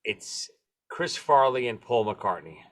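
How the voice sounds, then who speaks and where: A man co-hosting a casual comedy podcast in an animated manner, leading the list and calling on the others. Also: medium pitch, slow, noisy background. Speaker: podcast co-host.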